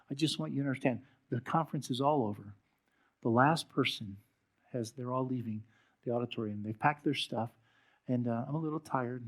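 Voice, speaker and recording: Man preaching a sermon, telling a story. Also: medium pitch. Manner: storytelling, asks the congregation direct questions; closes in a slow, soft prayer. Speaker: pastor. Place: church.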